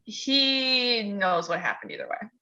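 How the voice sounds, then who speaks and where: A woman's voice: medium pitch, wildly swooping pitch, measured pace, pushed and bright. A woman running a tabletop game as game master, casual and often laughing, heard through a dull, lo-fi recording. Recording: dull lo-fi sound.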